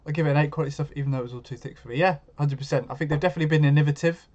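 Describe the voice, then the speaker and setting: A man's voice: on the high side, fairly even intonation, very fast, darkish tone, muffled recording. A man hosting a live stream, chatting casually and answering viewers' comments as he goes.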